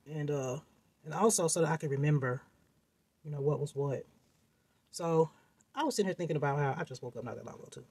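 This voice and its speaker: Rambling man vlogging, slightly high voice. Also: quick pace, pauses often, darkish tone, breathy edge, no echo. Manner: meandering, many fillers, acts out quotes. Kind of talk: casual rambling monologue. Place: at home, sitting while crafting.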